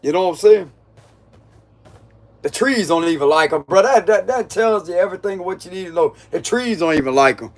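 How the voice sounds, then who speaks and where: A man's voice: high voice, lively intonation, brisk. A man giving a casual, mocking tarot reading, full of slang and frequent laughter. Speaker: tarot reader.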